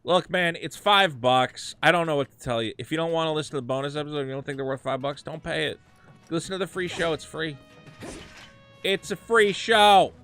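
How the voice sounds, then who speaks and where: A man's voice: on the high side, quick pace, clean tone, soft background music. A man streaming a video game, chatting casually and ranting with a lot of swearing. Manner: profane, ranting, animated. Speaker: streamer and podcast host. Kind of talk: casual gameplay commentary.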